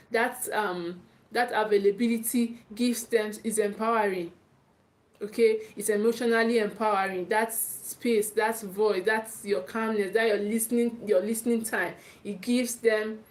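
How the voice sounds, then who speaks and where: A woman with a Nigerian English accent coaching parents in a live talk, emphatic, often repeating and restarting her phrases and checking in with "okay". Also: on the high side.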